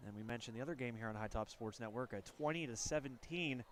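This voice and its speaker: A man with a stuffy nose and nasal voice calling high school football play-by-play, getting louder on big plays. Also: fast talker, slight background noise. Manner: energetic play calls, rising on big plays. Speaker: play-by-play announcer.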